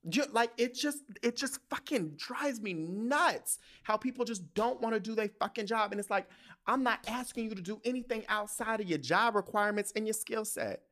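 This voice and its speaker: A man's voice: high voice, normal speed, a bit bright. A young adult man hosting a podcast, venting in a heated, profane and story-driven casual monologue. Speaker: podcast host.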